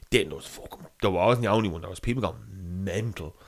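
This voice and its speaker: A man's voice: sits low, fast. A young man telling a long, rambling anecdote in casual chat, swearing and laughing as he goes. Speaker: storyteller.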